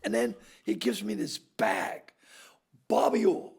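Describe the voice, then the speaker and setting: A man, a podcast guest telling comic stories in an animated way, swearing freely and breaking into loud laughs. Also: medium pitch, slow pace, gravelly, breathy edge. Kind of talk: comedic storytelling.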